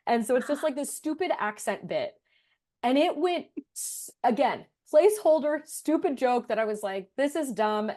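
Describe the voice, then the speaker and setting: A woman's voice: high voice, animated, normal speed, mellow. Young woman telling a self-deprecating story. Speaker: writer and creator of the musical. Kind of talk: casual podcast interview.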